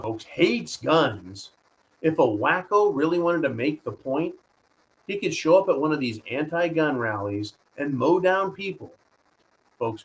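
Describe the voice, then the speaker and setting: A man's voice: a little high, rough recording. A man hosting a live stream, giving combative political commentary and reading viewer donations, often turning to his audience with "folks" and "right?". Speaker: host of a live stream show.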